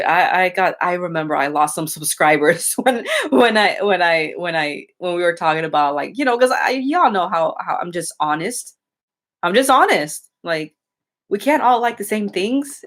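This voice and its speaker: A young woman chats with her viewers in a loose, rambling way, often restarting her sentences. She is blunt and swears freely, and her voice sits a little low. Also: fairly bright tone. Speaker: streamer chatting with viewers. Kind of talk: casual chat.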